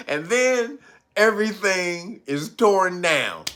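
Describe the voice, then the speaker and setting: A man riffs through casual, profane commentary as a podcast host, mocking and laughing often. His voice sits high and bright, and it swings widely in pitch as he gets animated. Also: takes it slowly. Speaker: podcast host reading live chat.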